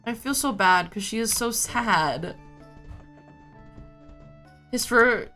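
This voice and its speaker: A woman streamer rambles to her chat in an unhurried, easygoing way, her pitch rising and falling a lot as she talks. Soft game music plays faintly behind her voice. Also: animated. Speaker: livestreamer. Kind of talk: casual chat while gaming.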